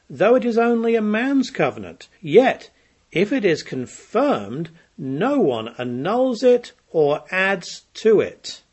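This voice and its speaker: Male Bible teacher, husky tone, very animated pitch, emphatic lecture delivery. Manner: emphatic, repeats key points for stress.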